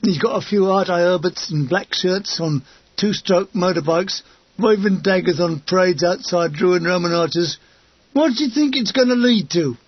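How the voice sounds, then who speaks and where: A man voicing a grumbling army gunner in a storybook reading, loud and indignant. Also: high voice, normal speed, dry recording. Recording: dull lo-fi dry recording.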